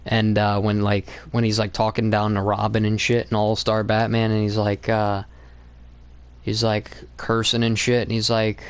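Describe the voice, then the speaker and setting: A man's voice: fairly low pitch, level tone, normal speed, clean tone, dry recording. A young man hosting a comics channel, talking in a blunt, rambling, profane way about what he likes and hates. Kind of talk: casual opinionated monologue.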